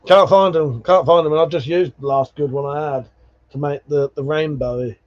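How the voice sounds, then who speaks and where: This livestream host is a man whose fairly high voice keeps an even intonation at a moderate pace. He reads viewer comments and chats casually, telling rambling, profanity-laced stories with plenty of laughs. The audio has a dull, lo-fi stream quality.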